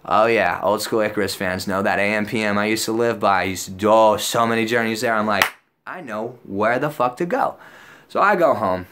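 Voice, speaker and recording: A man's voice: fairly low pitch, a little fast, few pauses, background noise. A young man vlogger telling a story casually. He rambles and swears, fills his talk with "like" and "dude", and acts out his own past lines in a raised voice. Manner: rambling and profane, full of "like" and "dude".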